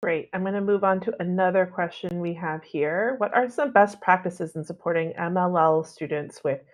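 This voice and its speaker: Woman moderator reading audience questions; lower pitch, brisk delivery. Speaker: webinar moderator.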